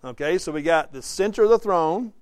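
Man teaching a lively Bible study. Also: fairly high pitch, a little fast, clean tone, dry recording. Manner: conversational, asks the class questions, acts out quotes.

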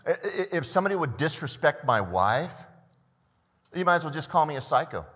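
A man's voice: a little high, big pitch swings, brisk, a bit bright, big-room sound. An older man preaching a sermon as a pastor, often repeating the first words of a phrase and asking the listeners questions.

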